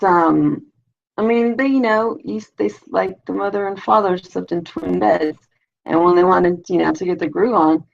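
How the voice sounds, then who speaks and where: With a creaky, lowish voice, a middle-aged woman hosts a live stream through dull lo-fi audio. She chats in a slangy, meandering way, swearing casually and using plenty of fillers.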